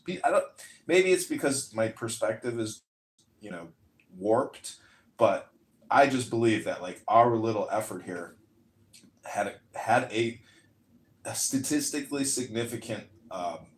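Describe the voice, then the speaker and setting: A man with a lowish voice rambles on in a boastful, meandering way. He is chatting in an online audio room. The sound is roomy, with a clear echo around him. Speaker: audio chat room speaker. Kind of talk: casual chat.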